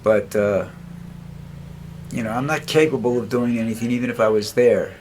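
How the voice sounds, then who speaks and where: An older man vlogging in a rambling, halting, blunt way, who tires easily. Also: medium pitch, a little mellow, a little hiss or hum. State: tires easily, dizzy after walking. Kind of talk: casual monologue.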